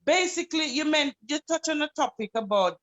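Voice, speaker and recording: A woman's voice: sits high, expressive, a little fast, a bit bright, dull audio. Chatty, rambling British woman host. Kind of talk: casual group discussion.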